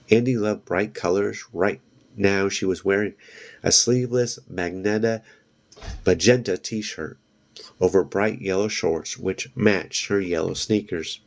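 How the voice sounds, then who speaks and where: Low-voiced man reading a children's book aloud. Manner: plain, steady narration with small slips. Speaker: book video host.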